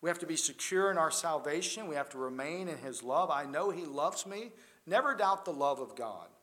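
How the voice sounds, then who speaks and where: A man's voice: a little high, lively intonation, fairly quick. Emphatic man preaching a sermon. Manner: swings from loud emphatic to quiet intense.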